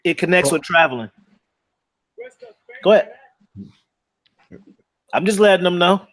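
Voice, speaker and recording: Playful man with a higher voice. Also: lively intonation, a little slow, fairly bright tone, no echo. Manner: playful, plugs the channel. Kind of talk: casual group chat.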